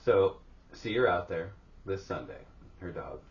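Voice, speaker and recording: A man's voice: low voice, expressive, a little slow, recorded from a distance. A middle-aged man co-hosting a podcast with his wife, telling profane stories in casual chat. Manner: profane storytelling, swears freely. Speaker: podcast co-host. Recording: dull lo-fi sound with faint background hiss.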